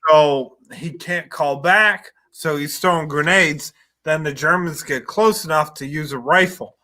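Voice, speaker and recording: Man, podcast guest, bright voice, slightly high, hesitant fillers, storytelling. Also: a little slow. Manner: recounts history with hesitant uh and um fillers. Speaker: guest author. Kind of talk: casual storytelling.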